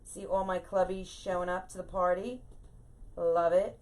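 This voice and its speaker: A woman's voice: lowish voice, level tone, normal speed, darkish tone. Bubbly woman hosting a craft livestream. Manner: chatty, greets viewers by name; bubbly and upbeat. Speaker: wreath-making livestream host. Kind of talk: casual livestream chat with viewers.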